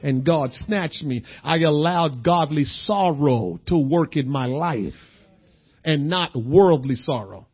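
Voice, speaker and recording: A man's voice: fairly high pitch, expressive, slow, breathy edge. A middle-aged man preaching a sermon in church, telling his own story in a loose, conversational way, often repeating his words. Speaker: pastor. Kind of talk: sermon with personal testimony. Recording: dull lo-fi sermon recording.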